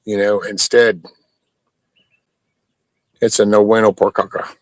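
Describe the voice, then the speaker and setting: A man's voice: lowish voice, little pitch movement, unhurried, dry recording. A man hosting a livestream, ranting bluntly and profanely in a casual way. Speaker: livestream host.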